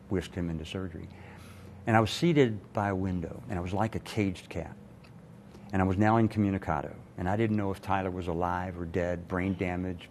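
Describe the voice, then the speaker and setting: An older man with a very deep, low voice shares a painful family story on a TV interview. He speaks earnestly and measures his words. A faint noise sits under the recording. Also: a little mellow. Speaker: retired cardiologist, guest.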